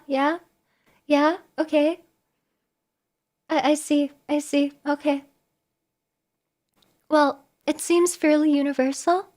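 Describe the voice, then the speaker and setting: High-voiced animated woman streamer. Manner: animated, exclamatory, mock-exasperated. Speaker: live streamer. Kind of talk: casual live-stream chat.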